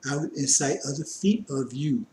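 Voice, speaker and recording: A man's voice: fairly high pitch, animated, moderate pace, a little mellow, a little hiss or hum. Man teaching scripture in a roomy space. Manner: reads verses aloud and explains them loosely, with many asides. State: coughing, strained voice. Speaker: religious teacher.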